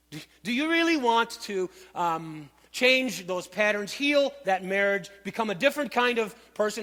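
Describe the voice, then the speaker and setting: A man preaching a sermon, emphatic and animated, with dramatic asides. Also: sits high. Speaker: pastor. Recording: long hall reverb.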